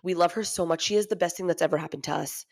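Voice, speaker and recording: A woman's voice: lowish voice, very fast, gravelly, a little mellow. A woman in her thirties hosting a casual podcast, chatty and candid, often laughing as she talks. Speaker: podcast host. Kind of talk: casual chat.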